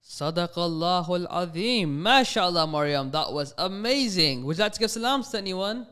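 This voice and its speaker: A man's voice: sits high, animated, moderate pace, pushed and bright, clear, resonant tone. Patient man hosting a radio phone-in. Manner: patient, encouraging with young callers; sprinkles Islamic phrases through his talk. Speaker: radio call-in host.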